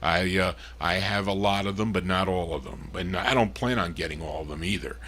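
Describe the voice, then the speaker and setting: Bright-voiced man hosting an oldies record show. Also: sits low, brisk, slight background noise. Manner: chatty and relaxed, chuckles between remarks. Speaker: radio-style record show host. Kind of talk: casual disc jockey patter.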